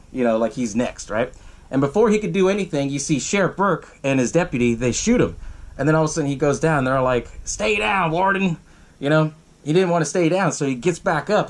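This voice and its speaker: A young man hosting a podcast, casually recapping a horror film with lots of swearing and acted-out bits of dialogue. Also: mid-range voice. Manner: profane, animated retelling with acted-out quotes. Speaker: podcast host.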